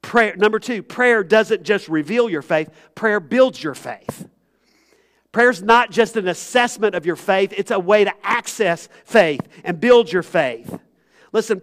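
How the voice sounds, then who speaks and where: Earnest pastor preaching a sermon. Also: male voice, high voice. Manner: earnest, conversational, addresses the congregation directly. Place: church sanctuary.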